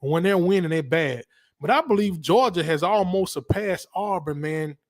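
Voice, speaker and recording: Hosting a laid-back livestream, this Southern-accented man from Alabama rants about college football, rambling and animated, packed with slang. His voice sits high and moves at a moderate pace.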